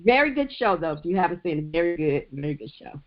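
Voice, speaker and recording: A woman hosting a podcast in a casual chat, chatty and laughing often, with halting restarts. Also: on the low side, big pitch swings. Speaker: podcast host. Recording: dull lo-fi sound.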